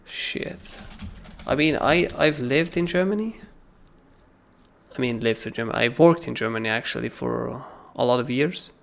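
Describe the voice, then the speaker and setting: Man, gravelly voice, mid pitch, casual livestream chart talk, animated, swears casually. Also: moderate pace. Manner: animated, keeps asking "right?", swears casually. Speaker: crypto trading livestream host.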